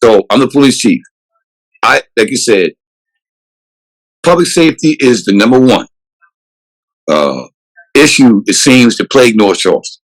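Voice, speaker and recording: A man's voice: mid-range voice, sing-song, measured pace, pauses often, poor audio. A man, with a voice sitting in the middle of the male range. He answers as a police chief in an interview. He is earnest and emphatic, and he often restarts his sentences. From South Carolina, USA.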